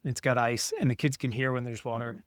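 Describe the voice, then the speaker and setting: A man co-hosting a casual podcast, telling parenting stories in a blunt, profane, animated way. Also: mid-range voice, a little fast, no echo.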